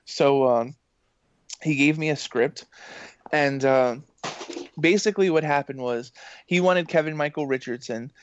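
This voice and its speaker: A man, a voice actor and games journalist, telling rambling podcast stories in an excitable way, full of fillers and acted-out quotes. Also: fairly high pitch, unhurried, long pauses, a little hiss or hum. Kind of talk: casual podcast storytelling. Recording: muffled dry podcast audio.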